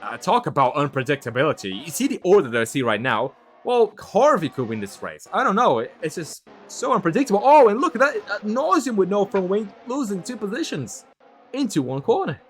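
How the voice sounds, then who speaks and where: A man's voice: sits high, fairly quick, soft background music. A man doing play-by-play commentary on an online racing league, getting worked up when the field crashes. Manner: excitable, voice climbs when cars crash. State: losing his voice. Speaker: lead commentator.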